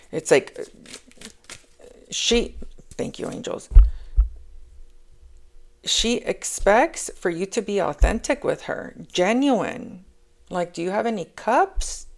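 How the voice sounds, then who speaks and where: A woman's voice: medium pitch, vocal fry. A woman giving a casual spoken tarot reading. She rambles, repeats herself and keeps checking in with "okay?". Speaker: tarot reader.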